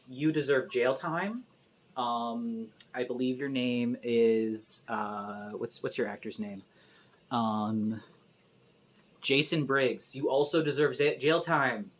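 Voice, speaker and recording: A young woman casually recapping a movie with sarcastic, animated commentary and lots of fillers. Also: extremely low pitch. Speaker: video essay host.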